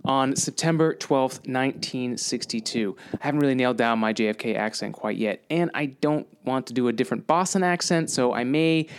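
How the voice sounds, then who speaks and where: A man's voice: medium pitch, brisk, hardly any pauses, smooth. A man hosting his own science podcast, talking in an upbeat, conversational way and correcting himself now and then. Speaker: podcast host and science communicator.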